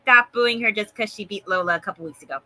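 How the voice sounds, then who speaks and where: A woman's voice: mid-range voice, quick pace, bright, forceful tone, a little hiss or hum, low-quality recording. A woman co-hosting a casual chat, sassy and emphatic. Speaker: co-host.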